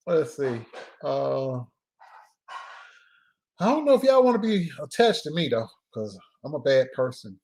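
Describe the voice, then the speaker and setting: A man hosting a casual live stream as a filmmaker, talking in a loose, joking way with laughs and drawn-out pauses. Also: medium pitch, a little mellow.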